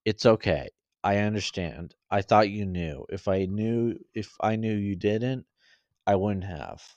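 A man voicing a gentle, soft-spoken young man who talks earnestly and plainly. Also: on the low side, measured pace, dry recording, lo-fi sound, natural voice. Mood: soothing.

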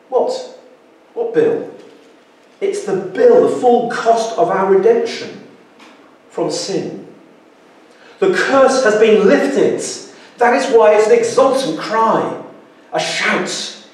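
A man's voice: sits high, animated, unhurried, pauses often, darkish tone. A man preaching a sermon in a church, earnest, with frequent restarts and sudden emphatic exclamations. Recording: echoey church hall, distant mic.

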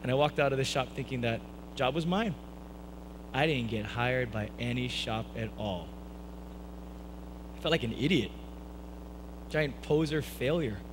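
A young man preaching a sermon, telling a personal story with animated delivery and acting out the voices of the people in it. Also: medium pitch, unhurried, pauses often, noisy background. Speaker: pastor. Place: church hall, live stream.

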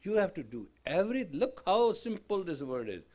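A man teaching a spiritual class, emphatic, swinging from quiet lines to loud declarations, telling stories with quoted dialogue. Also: sits high, sing-song, normal speed. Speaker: yoga teacher. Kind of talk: spiritual lecture. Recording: 1980s class recording.

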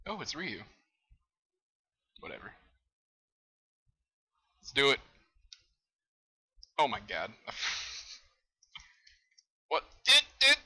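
A young man commenting on a game he is playing, excitable, exclaiming and laughing at what happens on screen. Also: mid-range voice, very slow, long pauses, husky, rough recording. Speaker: gamer. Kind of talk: let's play commentary.

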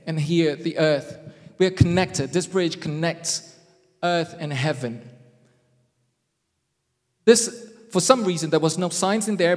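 A man preaching a conversational sermon with deliberate, emphatic phrasing and self-deprecating asides, recorded in a church hall. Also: a little high. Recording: long reverb in a church hall.

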